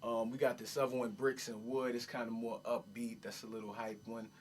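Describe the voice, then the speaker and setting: A man's voice: medium pitch, flat delivery, brisk, a little hiss or hum. A man in his twenties, a rapper from New York raised in Miami, chatting loosely in an interview, full of "like" and "you know what I mean". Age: 20s. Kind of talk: casual interview chat.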